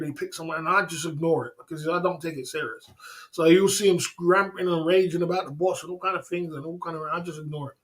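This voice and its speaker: Rambling livestream host, man. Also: a little high. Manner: rambling, repeats himself, many fillers and restarts. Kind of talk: casual livestream rant. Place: Thailand.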